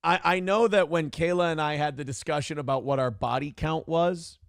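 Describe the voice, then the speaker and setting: A man's voice: on the high side, a little fast, creaky, clear, resonant tone, no echo, studio quality. A middle-aged man hosting a livestream, talking candidly and rambling, reading viewer messages aloud. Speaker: streamer host. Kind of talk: casual livestream chat.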